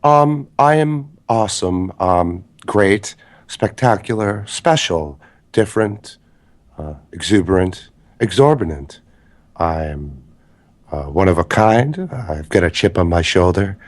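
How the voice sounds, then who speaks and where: A man doing a quick impression of a smug, self-important male movie star, bragging slowly about himself. His delivery is an everyday voice close to his own. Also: sits low, animated, dry recording. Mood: boastful.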